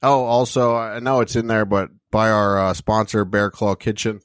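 A man hosting a podcast, chatting in a relaxed, laid-back way and plugging sponsors. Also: on the low side, moderate pace, clean tone, no echo. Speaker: podcast host. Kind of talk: casual chat with sponsor plugs.

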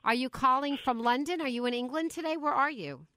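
A woman talk show host with a New York accent, interviewing a guest in a chatty, quick manner. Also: sits high, no echo. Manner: chatty, warm-up questions, quick asides.

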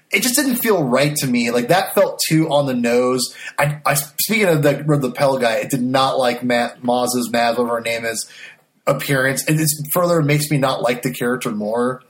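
A man in a casual film discussion, talking in a halting, opinionated way with many restarts. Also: mid-range voice, a bit bright.

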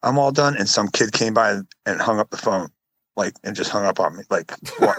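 This podcast co-host, a man in his forties, speaks in an expressive, fairly quick voice that's a bit bright with a breathy edge. Chatting casually, he rambles through stories and performs quoted lines in a high voice, all captured in poor, echo-free audio.

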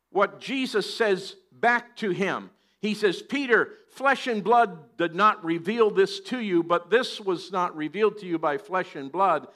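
High, bright-voiced male preacher. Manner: animated preaching, acts out scripture voices. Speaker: pastor. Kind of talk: sermon.

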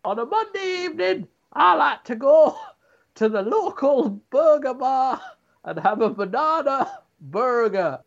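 A cheeky, silly puppet monkey, put on by a man, squeaking high that keeps wandering off. The sound is dull and lo-fi, like a home podcast recording. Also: big pitch swings, measured pace, creaky, heavily acted. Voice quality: accent drifting all over the place. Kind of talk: comedy podcast puppet bit.

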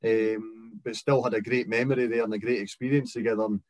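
A man's voice: lowish voice, flat delivery, fairly quick, a little mellow, no echo. A Scottish man in his thirties, a guest footballer talking in a casual chat, reflective and careful with many fillers. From Scotland.

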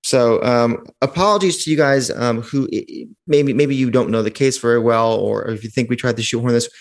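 A man's voice: mid-range voice, a little fast. A man co-hosting a podcast in casual chat, rambling with restarts and swearing. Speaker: podcast co-host.

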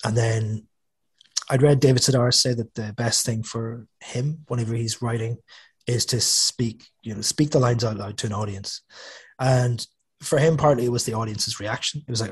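A man's voice: medium pitch, normal speed, husky. A man, an author talking casually as an interview guest, chatty and self-deprecating with lots of restarts. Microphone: studio podcast microphone.

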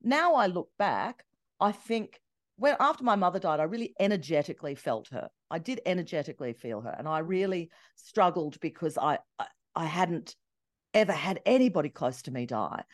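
An Australian woman, a podcast guest, telling animated stories with many restarts. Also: on the low side, moderate pace, dry recording, clean studio sound. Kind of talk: conversational interview.

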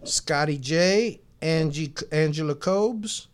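A man co-hosting a podcast in casual chat, teasing his partner and drawing out name shout-outs. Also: on the high side, slow pace, slight background noise. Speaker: podcast co-host.

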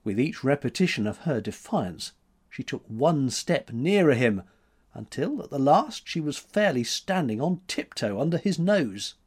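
A man reading a story aloud in measured, expressive narration. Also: medium pitch, breathy edge. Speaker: audiobook narrator. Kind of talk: scripted narration.

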